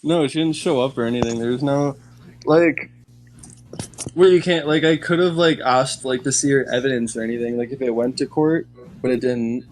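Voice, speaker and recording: A man's voice: medium pitch, normal speed, darkish tone, a little hiss or hum, rough recording. Young man, podcast guest, rambling storyteller, filler-heavy, casual. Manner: rambling, heavy use of "like", laughs while telling. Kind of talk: casual chat.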